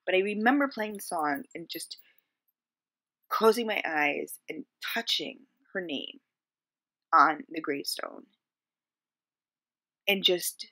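A woman vlogger telling a personal story to camera, halting and searching for words with many fillers, soft and subdued, sometimes sinking toward a whisper. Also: lowish voice, expressive.

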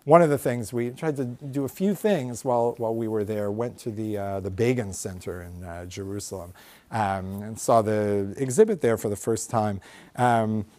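A rabbi giving a conversational lecture to a live audience, thinking aloud with hedges and frequent restarts. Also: male voice, on the low side, normal speed, darkish tone. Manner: thoughtful, hedging, many fillers and restarts. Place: lecture room with in-person audience.

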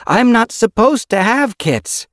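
A man's voice: extremely high pitch, very animated, slow, a bit bright, no room sound, studio quality, voice pushed up, exaggerated voice. A man voicing a young female medicine cat, speaking with strained emotion and pleading. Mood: anguished.

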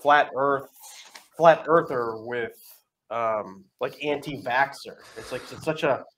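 A man's voice: medium pitch, takes it slowly, fairly bright tone, slight background noise. A man hosting a casual interview, mostly giving short acknowledgements. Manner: reactive, many short acknowledgements.

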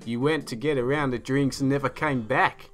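Brief: a man doing a cheeky young mate in a mock accent, bright and sharp. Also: medium pitch, fairly even intonation, moderate pace, faint music behind, natural voice. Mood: teasing. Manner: mock accent, reading texts aloud. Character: young male mate texting, put-on accent.

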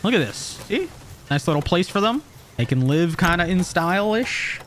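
A man streaming a game, reacting with excited, jokey commentary and frequent laughs. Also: high-pitched, moderate pace, slight background noise. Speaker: gaming streamer.

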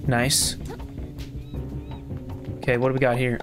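A young man giving excited let's-play commentary as a gaming streamer, reacting loudly to what he sees. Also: mid-range voice, moderate pace, long pauses, soft background music.

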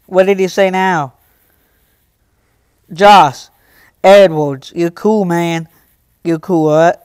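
High-voiced young man scolding his chat. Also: fairly even intonation, slow, darkish tone, clear, resonant tone, no echo, clean studio sound. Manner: talks back to chat, scolding and joking. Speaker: livestreamer. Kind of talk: casual live stream chat.

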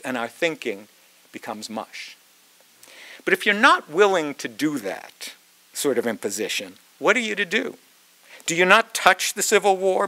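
An older man in his sixties reads a prepared university lecture. His voice is bright and clear, at a middle pitch, with wry, reflective phrasing. He pauses for effect and lets his sentences fall away quietly. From Massachusetts. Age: 60s.

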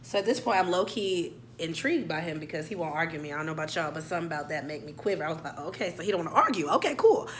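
A woman's voice: deep voice, lively intonation, rapid-fire, few pauses, a little hiss or hum. A young adult woman, telling a dramatic story and acting out every character. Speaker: storyteller vlogger. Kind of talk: storytime vlog.

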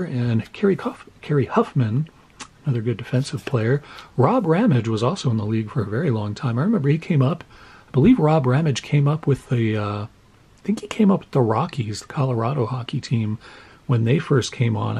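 A man's voice: mid-range voice, a little mellow, slightly rough, poor audio. A man hosting a card-collecting channel, opening packs and chatting casually with rambling, self-deprecating asides. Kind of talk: casual pack-opening commentary.

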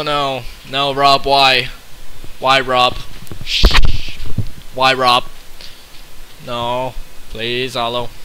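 Man, gaming commentary, excitable, very sharp bright tone, panicky yelps. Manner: excitable, jumps from mumbling to high panicked yelps. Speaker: gaming channel host. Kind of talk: live game commentary.

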